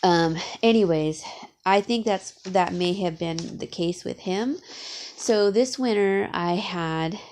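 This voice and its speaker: A woman's voice: mid-range voice, darkish tone. Teary woman vlogging from her garage. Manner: tearful, sniffling, halting with many fillers. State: teary from crying. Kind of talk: casual vlog talk. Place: home garage.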